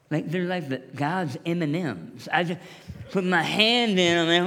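A man's voice: on the high side, moderate pace, bright, forceful tone, in a large hall. A man preaching a sermon to his congregation in a joking, conversational way, speaking to them directly. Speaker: pastor.

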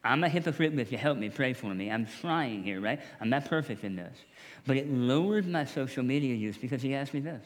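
A man's voice: medium pitch, a little fast. A man preaching a sermon as a pastor, talking conversationally and acting out little dialogues. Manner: animated, conversational preaching with acted-out quotes. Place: church sanctuary. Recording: long reverb of a church hall.

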